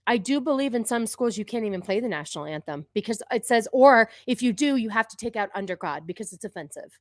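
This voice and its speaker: A woman's voice: a little high, animated, fast talker, dry recording, studio quality. Ranting woman in her forties. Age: 40s. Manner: sarcastic, profane, ranting. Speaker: streamer host. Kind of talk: live-stream commentary on videos.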